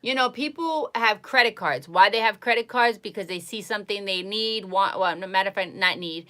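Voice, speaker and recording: Bright-voiced woman giving blunt advice. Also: medium pitch, a little fast. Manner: blunt, repetitive, emphatic. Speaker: psychic livestreamer. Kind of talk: casual advice monologue on a live stream.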